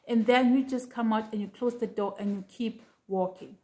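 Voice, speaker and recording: Woman w a slightly high voice telling her viewers about a dream, earnest, lots of "like"s, chatty. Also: steady tone, normal speed, warm tone. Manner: earnest, talks straight to viewers with many fillers. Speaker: vlogger sharing a prophetic dream. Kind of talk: casual personal storytelling.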